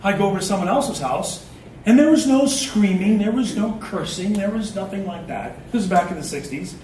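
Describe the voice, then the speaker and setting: A man in his fifties giving a spiritual talk to a group. He slowly draws out short affirmations and tells relaxed, humorous personal stories. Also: sits high, slight background noise. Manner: slow, drawn-out chanting of short affirmations. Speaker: spiritual speaker. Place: indoor event venue before a live group. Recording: echoey hall recorded from a distance, faint ambience.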